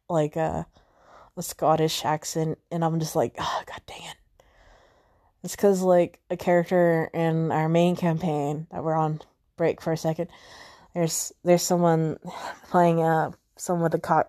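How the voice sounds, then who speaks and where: Rambling young woman podcaster, low voice. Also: a little mellow. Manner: rambling, many fillers and self-corrections. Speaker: podcast host. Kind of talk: casual solo chat.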